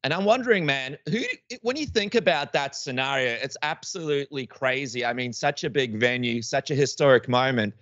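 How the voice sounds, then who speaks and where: A man's voice: medium pitch, a little fast, few pauses, a bit bright, dry recording, dull audio. Upbeat male podcast co-host. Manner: upbeat and chatty. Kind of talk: interview questions and ad read.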